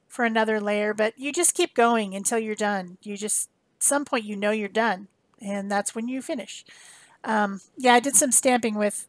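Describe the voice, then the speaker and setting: A woman's voice: fairly high pitch, no echo. A woman giving a casual, rambling voice-over of her mixed media art, often correcting herself as she goes. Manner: chatty, rambling, self-correcting. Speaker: art instructor. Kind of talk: casual craft demonstration voice-over.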